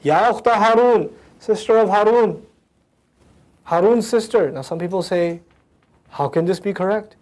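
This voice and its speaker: A man with a high-pitched voice teaches scripture line by line. He rattles off Arabic verses fast, then slows into casual, conversational English explanations. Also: darkish tone. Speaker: Quran teacher.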